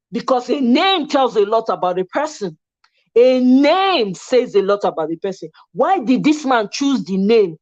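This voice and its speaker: A woman's voice: high-pitched, a little mellow, lo-fi sound. A Nigerian woman hosting a casual livestream talk, speaking passionately and switching between English and Pidgin. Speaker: host.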